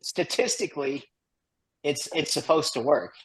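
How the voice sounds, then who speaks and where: A man's voice: a little high, animated, unhurried, breathy edge. A man co-hosting a podcast, chatting in a teasing, laughing, profane way. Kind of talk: casual chat.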